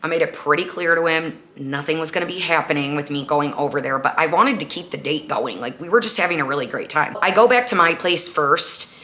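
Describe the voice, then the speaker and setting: Young woman, podcast host, low voice, bright edge, casual storytelling, chatty, lots of "like". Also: a little fast, few pauses. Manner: chatty, animated retelling with frequent "like" and acted-out quotes.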